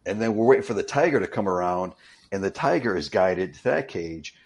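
A man telling a story in casual conversation, animated and full of restarts. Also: sits low, brisk. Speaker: interview guest, stuntman.

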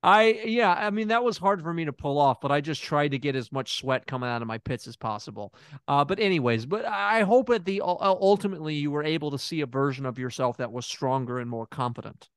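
Smooth-voiced man improvising a therapist. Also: fairly quick, no room sound, studio quality. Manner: deadpan, drops to a low mumbling voice as a put-on persona. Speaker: improv comedian playing a therapist. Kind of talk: improvised comedy role-play.

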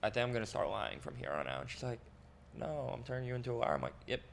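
Guy cohosting a podcast, gravelly voice, rambles and knocks himself down, faint noise behind. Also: mid-range voice, sing-song. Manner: rambling, self-deprecating, halting restarts. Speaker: podcast co-host. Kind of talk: casual chat.

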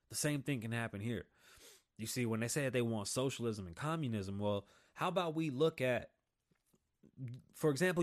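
A man hosting his own show, ranting heatedly about politics, swearing often and mocking the people he disagrees with. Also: mid-range voice. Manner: heated, profane, mocking voices of opponents. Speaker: podcast host. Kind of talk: opinionated political rant.

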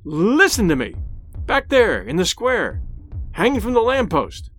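A man voicing a panicked middle-aged male shopkeeper who shouts and pleads frantically. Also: high voice, wildly swooping pitch, measured pace, faint music behind, exaggerated voice. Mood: desperate.

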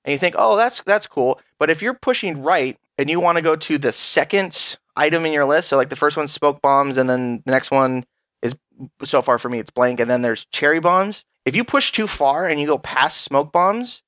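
A man's voice: on the high side, normal speed, no echo. Profanity-heavy ranting man, dry sound. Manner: profane, ranting, animated complaints. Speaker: podcast co-host. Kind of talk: casual podcast chat.

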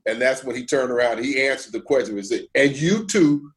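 A man telling a story with animated asides and chuckles in a casual conversation. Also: mid-range voice, fast, slight background noise. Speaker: former basketball broadcaster, guest.

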